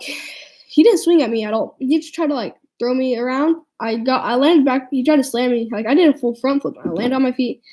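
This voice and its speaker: A teenage girl with a slightly high, mellow voice tells a storytime vlog. She rambles, trips over her restarts and leans on "like" as filler. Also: poor audio. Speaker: vlogger.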